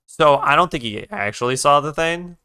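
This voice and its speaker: A streamer recounts a long drive while sketching on a live stream, ranting and cursing at other drivers. The voice is bright and swings widely in pitch, and it sounds dry and close to the mic. The streamer often stops to restart sentences while redrawing. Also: expressive, normal speed, clear, resonant tone, no echo. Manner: profane, ranting, retells the conversation in others' voices. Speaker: art streamer. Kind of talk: casual story time while drawing on a live stream.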